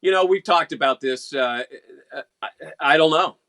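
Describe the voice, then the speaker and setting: A man's voice: a little high, normal speed, fairly bright tone, no room sound. A man from West Virginia, a veteran radio announcer co-hosting a casual chat show, talking in an easygoing, wry, teasing way.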